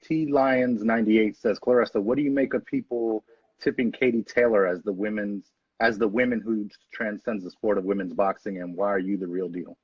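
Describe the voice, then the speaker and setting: A man hosting an interview in a relaxed way, reading out viewer questions. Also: lowish voice, normal speed, husky, dry recording. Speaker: interview host. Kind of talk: casual interview. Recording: dull, dry lo-fi mic.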